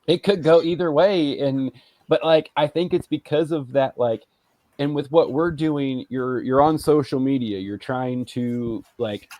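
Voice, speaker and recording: A man in his thirties rambles through a laid-back podcast chat, reflective and full of fillers. His voice sits at an ordinary pitch and sounds close and dry, with no room around it. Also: measured pace, darkish tone, dry recording. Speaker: podcast co-host. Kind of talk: casual chat.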